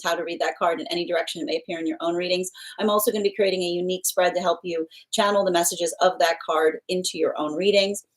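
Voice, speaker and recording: Chatty laughing woman tarot streamer. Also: fairly low pitch. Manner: chatty, laughs often, many restarts. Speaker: tarot reader and livestream host. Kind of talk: casual livestream chat with viewers.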